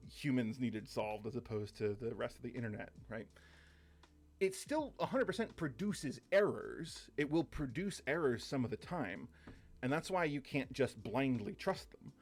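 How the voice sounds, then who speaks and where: A man teaching a short course, talking loosely through slides with many fillers and quick asides. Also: mid-range voice, lively intonation. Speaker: course instructor. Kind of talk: casual lecture over slides.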